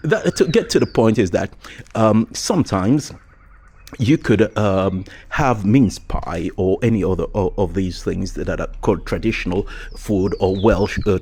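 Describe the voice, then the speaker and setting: Vlogger type: man, low-ish husky voice, loose rambling delivery full of ums and restarts, chuckles as he goes. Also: dark tone. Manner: hesitant, many fillers and restarts, chuckles often. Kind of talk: casual rambling monologue.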